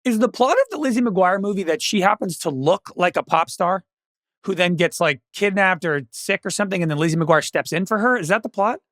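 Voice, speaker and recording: A young adult man co-hosting a podcast, chatty and upbeat with quick restarts. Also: sits high, a bit bright, no room sound, studio quality. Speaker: podcast co-host. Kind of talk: casual podcast banter.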